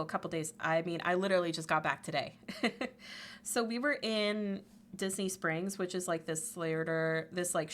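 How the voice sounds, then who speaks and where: A woman's voice: fairly bright tone, a little hiss or hum. A woman livestreamer in casual chat, talkative, laughing often and swearing freely. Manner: chatty, swears, laughs often, quotes memes in a squeaky voice.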